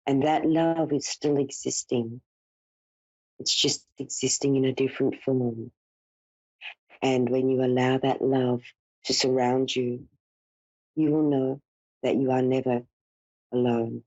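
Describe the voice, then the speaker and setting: A woman's voice: very deep voice, level tone, measured pace, long pauses, a little mellow, no echo. A woman giving a live psychic reading, speaking in a soothing, reassuring way and calling her caller dear and darling. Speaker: psychic medium host. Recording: dull lo-fi broadcast audio.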